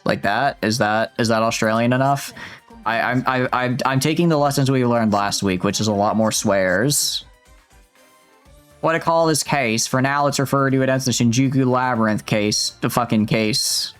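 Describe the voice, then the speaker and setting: A man's voice: mid-range voice, moderate pace, clean tone, soft background music. A young man casually streaming a game, reading the dialogue aloud and joking with his chat, with a slightly sore throat. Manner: jokey, chatty, reads lines out with asides to chat.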